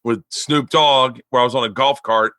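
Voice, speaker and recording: A man, hosting a casual podcast chat and telling stories with loud, high outbursts when he quotes himself. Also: normal speed, dry recording. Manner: animated storyteller who jumps to loud high outbursts when quoting himself. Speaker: podcast host.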